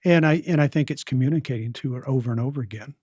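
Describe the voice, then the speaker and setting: A man's voice: mid-range voice, racing, darkish tone, slightly rough, dry recording, studio quality. A man, a parenting counselor, giving earnest and direct advice as a podcast guest. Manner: earnest, direct, asks pointed questions.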